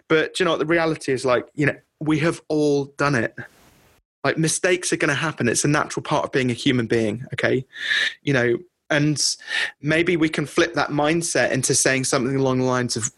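Husky-voiced business coach, man. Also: fairly high pitch, steady tone, a little fast, a bit bright, dry recording. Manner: conversational, often checks in with "okay?". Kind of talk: coaching talk on a group call.

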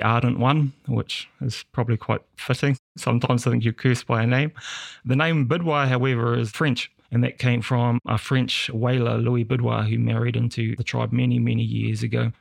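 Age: young adult. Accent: New Zealand. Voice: gravelly, relaxed. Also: male voice, mid-range voice, normal speed, no echo. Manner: relaxed, candid, laughs easily. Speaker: podcast guest. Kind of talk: personal storytelling.

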